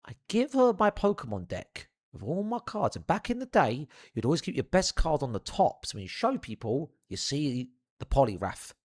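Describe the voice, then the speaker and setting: Young guy telling a crazy story, lots of swearing, super expressive ups and downs. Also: fairly high pitch, moderate pace, few pauses. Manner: animated, profane, theatrical. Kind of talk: comedic anecdote.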